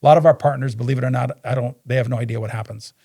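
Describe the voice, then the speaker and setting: A man's voice: medium pitch, very fast, creaky. A man, a business co-founder guesting on a podcast, telling stories casually and acting out the dialogue. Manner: animated storyteller who acts out dialogue. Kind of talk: casual interview storytelling.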